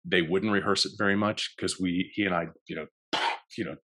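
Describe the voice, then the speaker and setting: A man's voice: low-pitched, fairly even intonation, moderate pace, sharp tone. A man, a guest actor, telling rambling backstage stories in an interview, full of restarts and acted-out quotes. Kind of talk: storytelling in a podcast interview.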